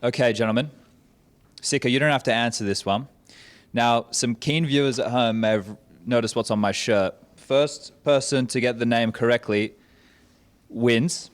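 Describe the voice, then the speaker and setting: A man hosting casual interviews with players, teasing and joking as he goes. His voice sits at a middle pitch. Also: fairly even intonation, moderate pace. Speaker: host.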